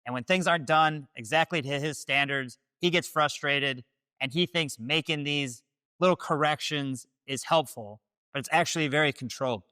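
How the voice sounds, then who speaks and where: A man's voice: a little high, moderate pace, pushed and bright, smooth, no room sound, studio quality. A man hosting, delivering scripted dating-advice commentary in a direct, declarative way. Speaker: host.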